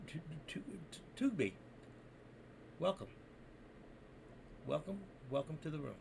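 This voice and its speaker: A man hosting a live trading stream, talking to viewers in an excitable, rambling, joking way. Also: mid-range voice, vocal fry, slight background noise. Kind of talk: casual live-stream commentary.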